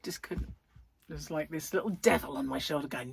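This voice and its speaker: A woman's voice: sits low, a little fast, creaky, slight background noise. Chatty, yawning woman. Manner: chatty, rambling, giggly storytelling. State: yawning, tired. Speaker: vlogger. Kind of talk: casual chat to camera.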